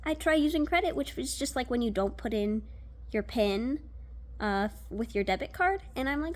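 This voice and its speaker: A young woman telling a personal story in a casual, animated way, full of fillers, restarts and swearing. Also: high-pitched, unhurried. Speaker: vlogger.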